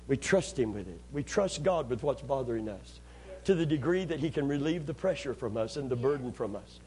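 Here a man with a mid-range voice speaks fairly quickly as he delivers a call-and-response sermon. He spins lively, folksy tales with humor and keeps asking his congregation to answer back.

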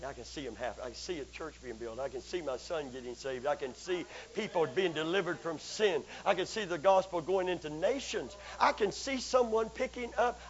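A man preaching a broadcast sermon, swinging from quiet, low asides to loud, shouted exhortation, asking the congregation for amens. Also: lo-fi sound. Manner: rises from low, soft asides to loud, shouted exhortation, constant calls of amen.

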